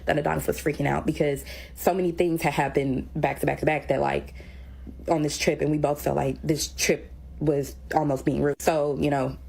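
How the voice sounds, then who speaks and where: A woman's voice: low voice, little pitch movement, moderate pace, creaky, a little mellow, husky. A young woman who teaches, dryly retelling an argument in casual storytelling.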